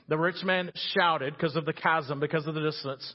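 A male preacher delivering an animated sermon in a fairly high, husky voice. He swings between loud emphasis and hushed earnestness. The recording is dull and muffled. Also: fast talker, hardly any pauses. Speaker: pastor.

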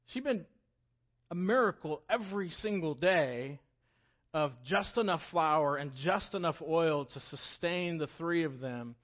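A man preaching a casual storytelling sermon as pastor, talking conversationally and swinging between loud emphasis and hushed moments. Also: a little high, lo-fi sound.

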